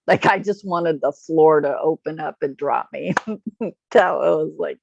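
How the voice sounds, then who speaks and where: A woman's voice: mid-range voice, normal speed, gravelly, dry recording, highs cut off. A woman telling a personal story in a casual chat, emotional and laughing often as she talks. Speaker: guest.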